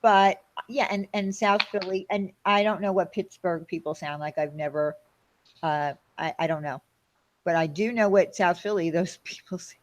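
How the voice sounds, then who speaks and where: New york lady hosting, chatty and animated, video call mic. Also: on the low side, moderate pace. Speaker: host. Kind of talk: casual chat.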